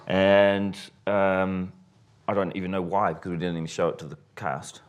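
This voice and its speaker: A man answering interview questions as a filmmaker, relaxed and rambling, often restarting his sentences. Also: low-pitched, moderate pace, clear, resonant tone. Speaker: filmmaker guest.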